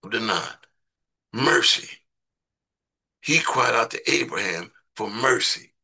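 A man's voice: mid-range voice, expressive, slow pace, creaky, bright, forceful tone, breathy edge. A man preaching a sermon in a conversational way, repeating words and putting questions to his listeners.

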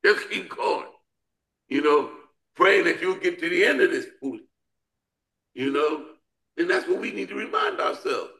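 A man's voice: a little high, animated, moderate pace, vocal fry, pauses often, sharp tone. Emphatic man leading a Bible study. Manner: call-and-response, repetitive, emphatic preaching cadence. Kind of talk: preaching Bible study discussion. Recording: roomy echo.

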